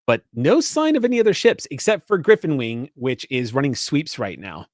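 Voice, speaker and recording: A man's voice: mid-range voice, sing-song, moderate pace, darkish tone, dry recording, studio quality. A man narrating a tabletop role-playing game as game master, with frequent laughs and fillers.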